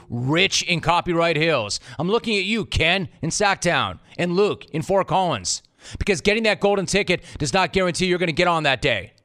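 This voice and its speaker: A man's voice: fairly high pitch, fairly bright tone. A middle-aged man hosting a sports talk radio show, delivering a sarcastic, mock-indignant rant.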